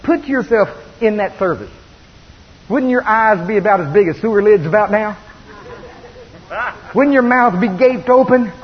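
High-voiced preacher in an echoing hall. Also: male voice, normal speed, long pauses, breathy edge. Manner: folksy, animated storytelling with laughs. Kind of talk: sermon. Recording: dull lo-fi recording with long reverb and faint hiss.

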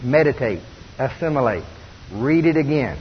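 A man preaching a sermon in a folksy, animated storytelling manner, laughing as he goes. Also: medium pitch, normal speed. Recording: dull lo-fi recording with long reverb and faint hiss.

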